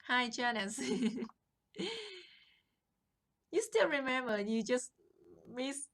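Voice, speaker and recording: A woman teaching a language lesson on a live stream, explaining patiently and greeting viewers from the chat. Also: a little high. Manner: slow, patient explaining with chat shout-outs.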